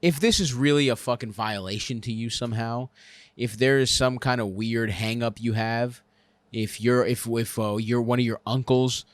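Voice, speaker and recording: A man's voice: mid-range voice, steady tone, normal speed, no room sound. A man hosting a comedy advice show, ranting crudely and laughing at his own jokes on a close mic.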